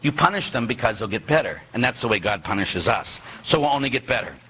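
A middle-aged man, a Catholic priest, giving a lively, teasing sermon in which he acts out the voices of the people he quotes. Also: medium pitch, fast, slightly rough, poor audio.

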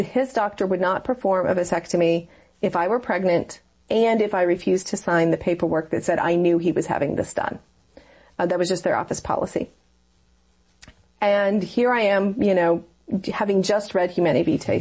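A woman's voice: lowish voice, brisk, a little mellow, breathy edge. A woman telling a personal faith story in a conversation, earnest and rambling, with many fillers. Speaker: interview guest.

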